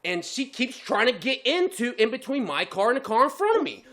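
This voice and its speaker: A man's voice: very high voice, a little fast. A man co-hosting a podcast, telling a long story in casual chat, swearing often and acting out the other people's voices. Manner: profane, animated, acts out voices in his story. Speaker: podcast co-host.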